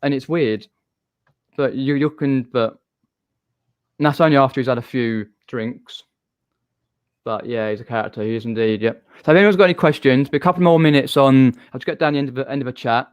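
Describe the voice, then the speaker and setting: This man, who has a Southern English accent, runs a live stream where he casually chats with a guest and reads viewer comments aloud. He talks fairly quickly in a smooth, medium-pitched voice, with no room sound.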